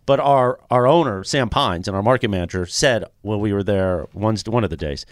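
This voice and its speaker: A man co-hosting a sports radio show, telling rambling stories in an animated way. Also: lowish voice, moderate pace, no room sound, clean studio sound. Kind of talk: casual sports radio banter. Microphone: studio microphone.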